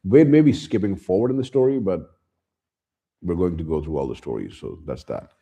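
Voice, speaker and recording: A man with a very deep, mellow voice recaps a book as a YouTube host. His telling is loose and slangy, dotted with chuckling asides. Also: lively intonation, fairly quick, vocal fry, husky.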